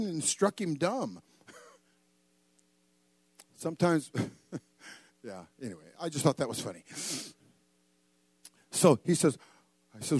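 Older man, pastor, sermon, slightly high voice, dry close sound, animated and joking. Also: slow, pauses often, husky, no echo. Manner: animated, joking, acts out voices with sudden loud bursts.

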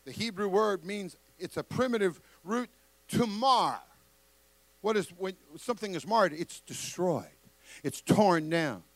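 High-voiced preacher guy, swings all over the place, gets the congregation to answer back, dry sound. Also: expressive, a little slow, no room sound. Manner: impassioned, builds to shouting; calls on the congregation to respond. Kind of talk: sermon.

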